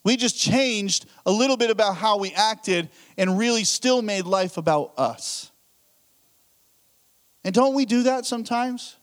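A man's voice: sits high, unhurried. A pastor preaching a sermon, telling a story and acting out his own thoughts. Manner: animated storytelling with acted-out inner thoughts.

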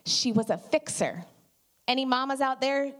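A woman's voice: high voice, normal speed. Chatty middle-aged woman preaching. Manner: chatty, animated storytelling with many asides. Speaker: church speaker. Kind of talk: conversational sermon.

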